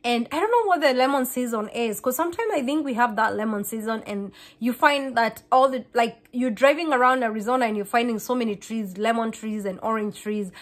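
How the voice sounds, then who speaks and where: A woman, a Kikuyu speaker, chatting fast to camera in a casual vlog, often repeating and restarting words. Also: on the high side. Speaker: vlogger.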